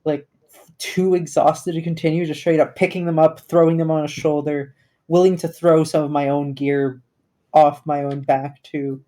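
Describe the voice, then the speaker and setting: Guy player, mellow dark voice, easygoing, just chatting through his turn. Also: fairly high pitch, little pitch movement, normal speed. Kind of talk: tabletop game play.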